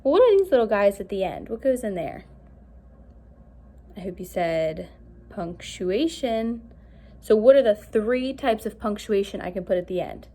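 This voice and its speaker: Cheerful woman teacher for a recorded lesson for small kids, clear and animated. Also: mid-range voice. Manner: animated, slow and clear, asks pupils questions. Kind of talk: recorded early-grade lesson.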